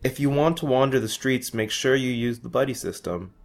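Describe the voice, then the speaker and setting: A man's voice: mid-range voice, brisk, vocal fry, voice pushed up, close to an everyday voice. A man voicing a cautious male team leader giving a firm warning. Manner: warning, instructive.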